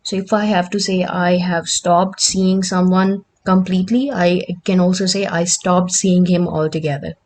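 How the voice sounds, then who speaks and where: A woman's voice: on the low side, flat delivery, normal speed, hardly any pauses, a little mellow. A woman, teaching the meaning and pronunciation of word pairs and checking in often with "right?". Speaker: English teacher. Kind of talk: explanatory vocabulary lesson.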